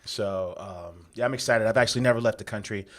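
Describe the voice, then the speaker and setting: A man's voice: lowish voice, a little fast, a bit bright. A man co-hosting a casual beer podcast, rambling and upbeat, talking in loose restarts. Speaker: podcast co-host. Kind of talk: casual chat.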